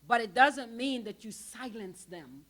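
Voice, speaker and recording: A woman presenting a parenting workshop in a church hall, emphatic and animated as she talks straight to the audience. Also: a little high, measured pace. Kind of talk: interactive church workshop teaching.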